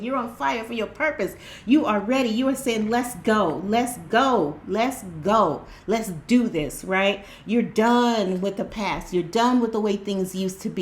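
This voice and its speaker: A woman giving an excited spiritual tarot reading to her viewers, repeating herself in a preachy way. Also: mid-range voice. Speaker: tarot reader.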